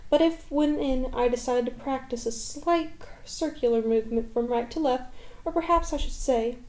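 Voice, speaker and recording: A woman's voice: sits high, a little mellow, natural voice. Woman reading a gloomy sarcastic donkey. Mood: sardonic. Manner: dry, slow, sarcastic.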